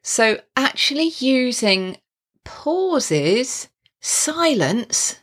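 A woman who teaches singing, talking through tips in a casual tutorial and showing off pitch and volume changes with her own voice, with chatty asides. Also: very slow. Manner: expressive, demonstrates pitch and volume changes while explaining; chatty, with frequent laughs and asides.

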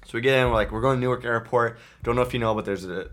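A man's voice: mid-range voice, very fast, fairly bright tone. A man in a casual chat telling a travel story, acting out what people said along the way.

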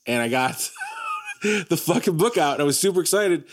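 A man's voice: fairly high pitch, normal speed. A man co-hosting a podcast, swearing freely while telling stories in casual chat. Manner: swears freely, recounts memories with excitement.

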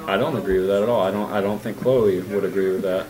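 A man co-hosting a casual podcast, teasing his partner with laid-back, deadpan banter. His voice sits somewhat low. He talks in an easy, unhurried way. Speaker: podcast co-host. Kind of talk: casual chat.

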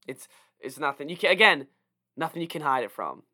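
A man's voice: a little high, unhurried. A young man co-hosting a podcast, chatting casually and acting out people's reactions. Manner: animated, acts out quoted reactions. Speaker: podcast co-host. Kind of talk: casual chat.

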